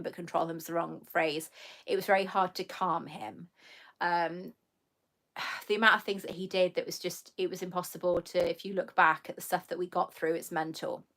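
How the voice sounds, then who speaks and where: A woman's voice: lowish voice, fairly bright tone. Chatty woman on a live stream. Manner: chatty and self-mocking, reading comments aloud, laughing often. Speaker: YouTuber answering live chat. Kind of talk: casual live-stream chat.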